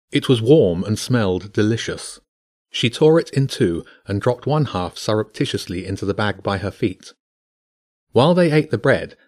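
A man narrating a bedtime story in a steady, measured way. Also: fairly low pitch, dry recording, clean studio sound.

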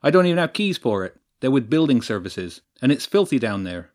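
A man voicing a young, wiry male lighting technician who talks fast and shows off his gear. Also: medium pitch, sing-song, a little mellow, close to an everyday voice. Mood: eager.

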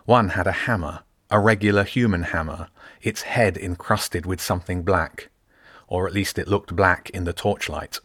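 A man narrating an audiobook in a measured, descriptive way. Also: low-pitched, fairly even intonation, fairly bright tone, breathy edge, no echo, clean studio sound.

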